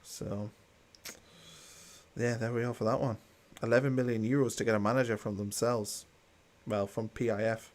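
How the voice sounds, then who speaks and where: A man's voice: medium pitch, little pitch movement, moderate pace, a little mellow, slight background noise. A man hosting a live football watchalong, chatting casually and reading out viewer comments with a dry, mildly sarcastic tone. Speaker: watchalong host.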